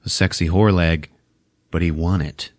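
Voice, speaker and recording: A man hosting a podcast, telling a film's plot in a profane, animated comic style. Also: low voice, moderate pace. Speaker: podcast host. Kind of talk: comedic movie recap.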